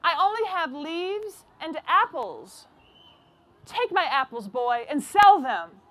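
A woman's voice: sits high, sing-song, slow pace, a bit bright, heavily acted. Woman voicing a tender old apple tree. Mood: eager. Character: gentle, giving old female apple tree.

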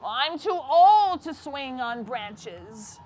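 A woman's voice: high-pitched, sing-song, extremely slow, a little mellow, soft background music, heavily acted. A woman voicing a boy who grows into a tired old man in a storybook reading. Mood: weary.

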